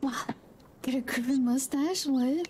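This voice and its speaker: Woman streamer, slow and soft, mellow tone, faint hiss behind. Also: high-pitched. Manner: soft-spoken, giggly, chatty about her dog. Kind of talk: casual chat with viewers while gaming.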